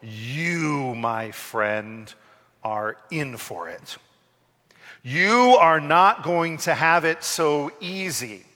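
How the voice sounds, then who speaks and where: A man voicing a hungry, menacing male wolf that snarls and sinks to a low rumble, in a reverberant hall. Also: lively intonation, extremely slow, bright, forceful tone, heavily acted.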